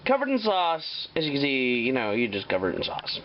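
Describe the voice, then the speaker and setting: Crude, animated man hosting a home cooking show. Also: medium pitch, a little fast, highs cut off, noisy background. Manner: profane, joking, rambling. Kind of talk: casual cooking demo with crude jokes. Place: home kitchen.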